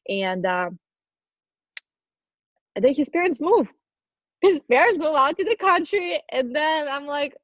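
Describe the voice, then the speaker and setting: A young woman guest telling her story in a chatty, animated way, quoting herself. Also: high voice, a little fast, dry recording. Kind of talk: casual interview storytelling. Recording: dull dry lo-fi sound.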